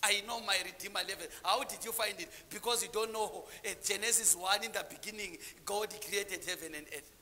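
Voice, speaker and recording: High, bright-voiced preacher in a hall. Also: male voice, normal speed, a little hiss or hum. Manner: call-and-response preaching, swings from low murmurs to shouted lines. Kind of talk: sermon.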